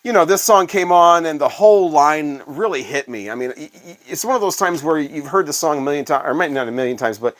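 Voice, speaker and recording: A man's voice: a little high, expressive, brisk, hardly any pauses, fairly bright tone. A middle-aged man from Illinois, a former radio worker, telling casual rambling stories full of fillers. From Illinois, USA. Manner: rambling and conversational, with frequent fillers. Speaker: former radio staffer, record collector. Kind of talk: casual storytelling vlog.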